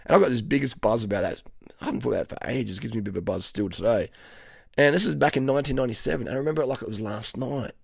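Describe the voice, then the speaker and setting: A man in his forties with an Australian accent, telling a profane, animated story to camera in casual slang. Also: mid-range voice, very fast, creaky, slightly rough, dry recording, studio quality. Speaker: cycling vlogger.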